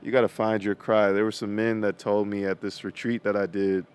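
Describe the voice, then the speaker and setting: A man's voice: fairly low pitch, level tone, brisk, a little mellow, smooth. A young man talking casually about his faith to his viewers, slangy and full of fillers, outdoors. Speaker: vlogger. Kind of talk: casual faith talk to camera.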